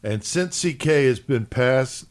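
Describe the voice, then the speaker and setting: Podcast host guy, upbeat and swearing, steering the talk, mid-pitched voice. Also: lively intonation, takes it slowly. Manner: upbeat, profane, leading the talk. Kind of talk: casual podcast chat. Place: studio.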